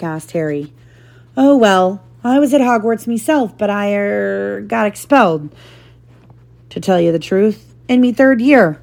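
A woman reading a novel aloud to her child, lively and animated, with brief asides. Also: mid-range voice, unhurried, gravelly.

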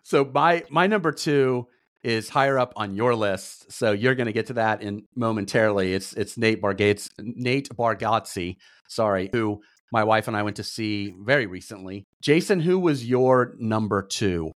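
A man's voice: fairly low pitch, moderate pace, no room sound, studio quality. A man co-hosting a podcast, explaining his picks in a loose, stop-start way. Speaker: podcast co-host. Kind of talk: casual debate chat.

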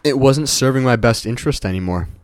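A man's voice: medium pitch, animated, fast talker, dry recording, clean studio sound. A young man hosting a solo podcast, giving a hyped, swearing motivational pep talk and sounding a little heated. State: a little heated, catching his breath. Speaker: podcast host.

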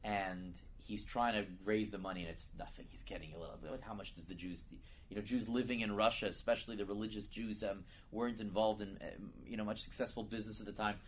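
A man giving a sermon as a lively storyteller who builds to loud, emphatic peaks. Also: on the low side, fast. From United States. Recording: dull lo-fi recording with faint noise.

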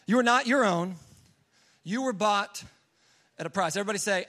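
A young man with a high voice gives an energetic youth sermon. His delivery is conversational and casual, and he keeps pulling the room into call-and-response. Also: fast. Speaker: youth pastor.

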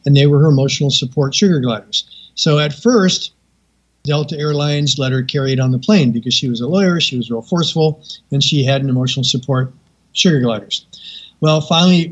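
A man's voice: a little high, husky, lo-fi sound. A man, a veterinarian and guest, telling a funny story in a podcast interview, raising his voice to act out the people in it. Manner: animated storyteller, voices characters in raised tones.

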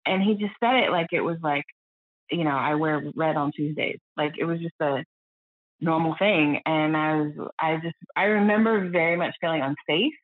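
A woman's voice: low-pitched, normal speed, no echo. An earnest, reflective woman talks openly as a guest, now and then dropping her voice to quote other people. The sound is thin and phone-like. It is dry, with no room around it. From United States. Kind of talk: candid podcast conversation.

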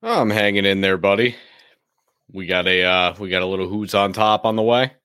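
A man's voice: sits low, steady tone, moderate pace, bright, forceful tone, smooth, no echo, studio quality. A man co-hosting a sports talk show, laid-back and blunt, with some mild swearing. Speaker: sports podcast co-host.

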